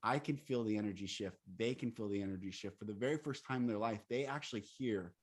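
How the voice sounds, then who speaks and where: A man's voice: on the low side, quick pace, breathy edge. A man who leads men's retreats, speaking earnestly and emphatically in an interview, now and then laughing as he explains. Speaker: coach and retreat leader. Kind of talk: interview conversation.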